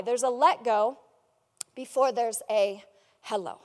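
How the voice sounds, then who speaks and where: A woman pastor preaching a sermon, retelling Bible scenes in a lively, casual way with slang and acted-out dialogue. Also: fairly high pitch, slow, pauses often, long reverb tail.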